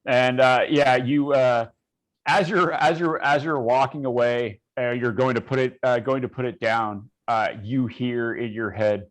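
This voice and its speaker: Slow-talking man narrating a game. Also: mid-range voice, fairly even intonation, rough recording. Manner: slow, filler-heavy narration. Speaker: game master.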